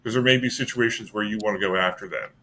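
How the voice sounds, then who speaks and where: A man's voice: fairly low pitch, fast, sharp tone, a little hiss or hum. A man running a tabletop game as game master, narrating in a rambling way and often correcting himself.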